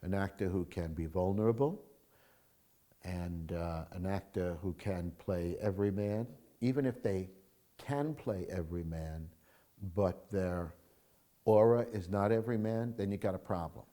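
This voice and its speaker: A male screenwriter in an interview, talking in an animated storytelling way, acting out film scenes and swinging from hushed to loud. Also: sits low, measured pace. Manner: acts out film scenes, mimics crowds, shifts from hushed to loud.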